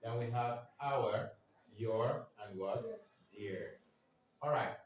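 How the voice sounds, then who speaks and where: Man, classroom teacher, slow deliberate pace, quizzing students, heavy room echo, distant mic. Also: medium pitch. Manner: keeps asking the class "what?" for them to fill in answers; drills words aloud for the class to repeat. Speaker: French teacher. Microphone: far from the speaker. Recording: very echoey room, distant mic, faint noise.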